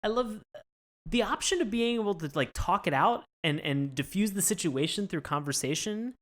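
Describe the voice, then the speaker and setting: A man co-hosting a casual podcast, talking excitedly and stumbling through restarts. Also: sits high, moderate pace. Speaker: podcast co-host.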